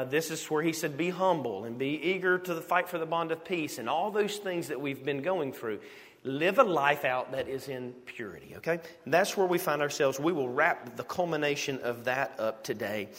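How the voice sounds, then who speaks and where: A man's voice: medium pitch, fairly bright tone. A man from the United States preaching a sermon, telling a story with animation and asking the congregation questions. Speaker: pastor. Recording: long hall reverb.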